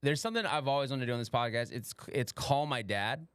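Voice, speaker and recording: A man in his twenties hosts a loose, crude podcast, rambling through stories and swearing freely. His pitch is average and his pace quick, with a slightly bright, smooth tone. He sits close to the mic, and the recording is dry with no room sound.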